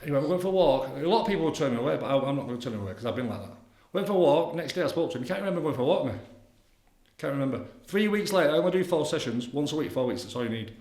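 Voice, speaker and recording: A middle-aged man talks fast and bluntly in a casual podcast chat, tagging "isn't it?" onto his points. His voice sits a touch high for a man. The recording has a roomy echo. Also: expressive, darkish tone. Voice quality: blunt, repetitive, leans on tag questions. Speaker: addiction counsellor guest. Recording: roomy echoey room.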